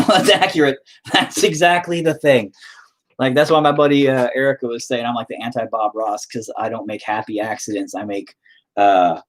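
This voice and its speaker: A man chatting casually while he paints, rambling, swearing often and talking to himself. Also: mid-range voice. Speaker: painting streamer.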